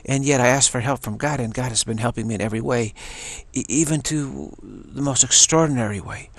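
A man giving a casual personal testimony, halting often and repeating words as he goes. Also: mid-range voice, gravelly.

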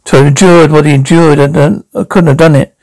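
An actor playing a male police detective who questions a young suspect in a halting, insistent way in a TV police drama. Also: a little high, gravelly, darkish tone, no room sound, poor audio. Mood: probing.

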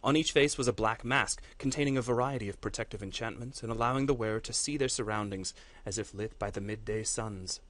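A man, a course instructor, reading a fantasy story aloud in a measured, dramatic way. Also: lowish voice, fairly bright tone, slight background noise.

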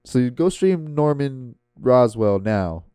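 A man co-hosting a comedy podcast in casual chat, riffing with playful deadpan jokes. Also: mid-range voice, slow pace, clean tone, no room sound, studio quality. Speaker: podcast co-host.

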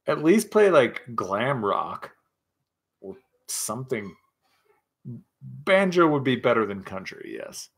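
A man's voice: medium pitch, huge pitch swings, unhurried, gravelly, long pauses, breathy edge. A man hosting a casual live chat with viewers, rowdy, joking and profane, a little tipsy. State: tipsy from scotch. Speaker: livestream host.

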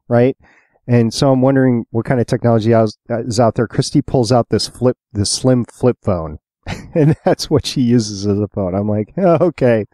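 A man's voice: mid-range voice, warm tone, no room sound, clean studio sound. A man co-hosting a podcast, chatting casually about films and sharing trivia with a laugh. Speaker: podcast co-host.

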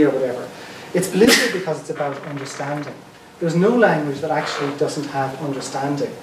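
A man's voice: on the high side, quick pace. A man with a South County Dublin accent giving an informal public lecture, talking in a conversational, digressive way and restarting his phrases. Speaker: guest lecturer. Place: lecture room in an archive building. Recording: roomy, distant mic, faint background noise.

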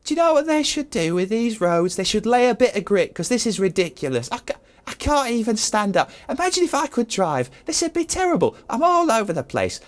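A man's voice: very high voice, sing-song, brisk. A man doing a bumbling, grumbling polar bear dad. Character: clumsy father polar bear slipping on ice. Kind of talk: improvised comic wildlife voice-over.

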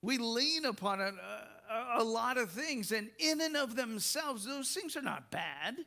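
A man preaching a sermon as pastor, slow and emphatic, with soft laughs and repeated words. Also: extremely high pitch, animated.

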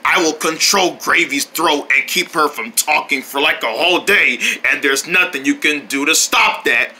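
A man putting on a smug little male throat bug villain with a slow, drawling delivery. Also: a little high, bright, forceful tone, pitched below the performer's own voice.

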